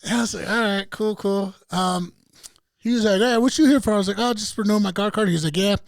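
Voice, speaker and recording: A man's voice: high-pitched, fast talker, creaky, no room sound. A man co-hosting a podcast, telling a story in a casual, profane way and acting out the people in it. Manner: animated, profane, acts out other people's voices. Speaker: podcast co-host.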